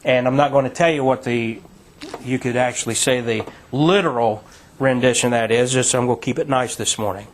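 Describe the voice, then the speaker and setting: A man's voice: mid-range voice, brisk, a little hiss or hum. A man leading a Bible study in a conversational, emphatic teaching style, asking listeners to read verses aloud.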